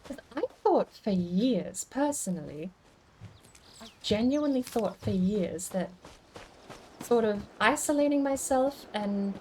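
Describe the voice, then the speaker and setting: A woman's voice: mid-range voice, lively intonation, a little slow, dark tone, a little hiss or hum. A woman streamer in casual chat, musing aloud and answering chat comments as she goes. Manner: chatty and musing, with many restarts.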